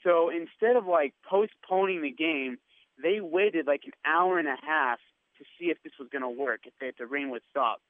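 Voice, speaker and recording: A man's voice: on the high side, normal speed, no echo. A man guest telling a story in a casual chat, acting out the lines of people he met. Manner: animated storyteller, acts out quotes. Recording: tinny phone line.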